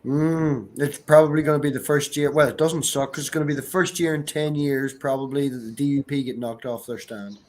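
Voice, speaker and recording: A man's voice: mid-range voice, steady tone, a little fast, hardly any pauses. Man explaining in casual chat. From Northern Ireland. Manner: explains step by step, swears casually. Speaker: stream guest.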